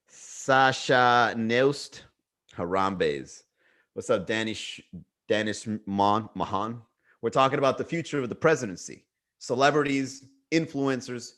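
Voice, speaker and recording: A man's voice: mid-range voice, a bit bright. A man hosting a comedy livestream, chatting casually in a rambling, jokey way and reading viewer comments aloud. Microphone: webcam or desk mic for a livestream.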